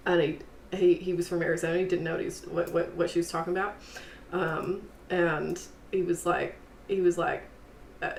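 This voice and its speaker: A woman's voice: lowish voice, flat delivery, brisk, gravelly. A woman giving rambling, chatty commentary while she plays a game. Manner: rambling, chatty, lots of fillers and laughs. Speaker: streamer. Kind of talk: casual gameplay commentary. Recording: echoey room with faint noise.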